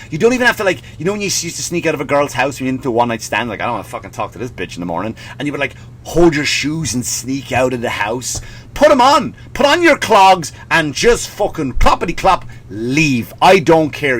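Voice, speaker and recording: A man's voice: on the high side, fairly bright tone. A male comedian and podcast host delivering a profane, sarcastic comic rant, possibly, slipping in mocking voices.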